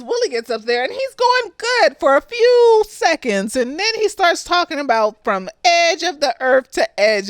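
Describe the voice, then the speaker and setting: A woman's voice: very high-pitched, fairly bright tone, no room sound. A young woman chatting casually through a TV review. She laughs often, swears, and acts out the characters in quoted voices. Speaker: reviewer of a TV show. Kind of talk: casual tipsy review chat.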